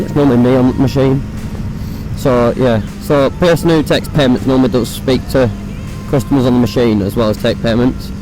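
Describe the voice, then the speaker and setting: A young man with a hoarse, croaky voice, chatting casually and swearing while riding a motorbike, recorded on a phone inside his helmet. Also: mid-range voice, low-quality recording. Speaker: motovlogger. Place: on a motorbike on city roads.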